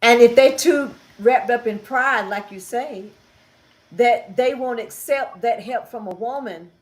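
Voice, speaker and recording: A woman's voice: fairly high pitch, a little slow. A woman in a casual discussion who chimes in with encouragement. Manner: encouraging interjections.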